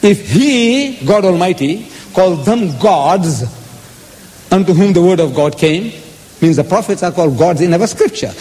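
A man's voice: sits high, lively intonation, measured pace, dark tone. A man giving an emphatic lecture on scripture, quoting verses aloud in shifting voices. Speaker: speaker in a religious debate. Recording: hall with long reverb.

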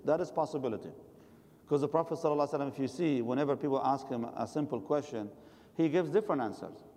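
A man's voice: medium pitch, very fast, darkish tone, in a large hall. A man giving a religious lecture and answering questions from the audience, advising his listeners directly. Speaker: religious teacher.

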